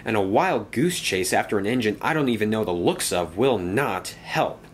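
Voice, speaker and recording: A man's voice: on the low side, expressive, normal speed, a little hiss or hum, lightly acted. A man voicing a thoughtful male steam engine who talks in an earnest, cautious way. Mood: resolute.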